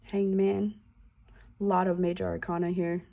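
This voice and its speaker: A woman's voice: on the low side, little pitch movement, moderate pace, creaky, warm tone. A woman giving a casual tarot reading, loose and profane, with slangy asides and the odd drop into a whisper. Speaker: tarot reader.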